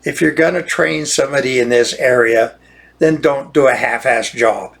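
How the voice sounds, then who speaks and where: A man's voice: medium pitch, moderate pace, vocal fry, a bit bright. An older man, a retired lawyer, talking in an indignant, repetitive monologue, often restarting his phrases. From United States. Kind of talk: monologue rant.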